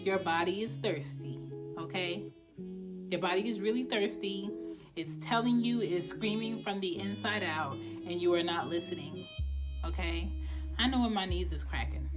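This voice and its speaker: A woman hosts her podcast solo, talking in a loose, casual way and cussing freely. She hands out frank, preachy advice in a lowish voice. Faint music plays underneath her. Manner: blunt, profane, preachy pep talk. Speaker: podcast host.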